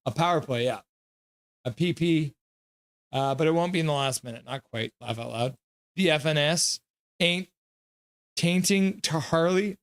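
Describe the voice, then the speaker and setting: A man hosting a live reaction stream, chatting with viewers, reading their messages aloud, joking and laughing, and breaking into excited play-by-play calls. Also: medium pitch, clear, resonant tone. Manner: reads chat aloud, jokes and laughs often; bursts into excited goal calls. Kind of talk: casual live chat with play-by-play.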